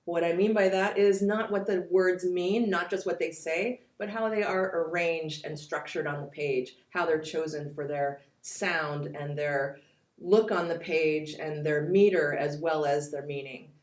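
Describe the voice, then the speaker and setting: A woman's voice: deep voice, fairly even intonation, unhurried, echoey room. A woman teaching poetry, introducing her course and reading lines of verse aloud to show their sound. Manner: explains with spoken examples and reads poem lines aloud.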